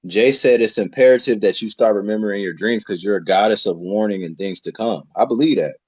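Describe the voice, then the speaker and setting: A man's voice: on the low side, a little fast, a little mellow, slightly rough, dry recording, lo-fi sound. A man hosting a casual spiritual chat, talking in a laid-back, slangy and encouraging way. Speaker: podcast host.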